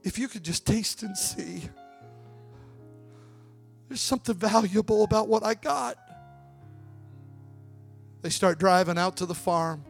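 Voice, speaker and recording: High-voiced preacher man with music behind. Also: measured pace, creaky, pauses often. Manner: storytelling, builds to shouted preaching. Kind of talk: sermon.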